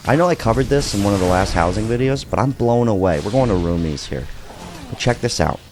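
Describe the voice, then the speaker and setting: A middle-aged man hosting a casual reaction video, talking in an animated, blunt way and swearing freely. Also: fairly low pitch, brisk, background noise. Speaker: commentary video host.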